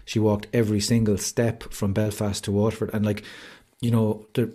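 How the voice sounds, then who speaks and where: Over a video call, an Irish podcast guest talks at a normal pace in a lowish, mellow voice with a level tone. His candid, conversational interview has him recounting his story earnestly and openly, full of "like" and "you know."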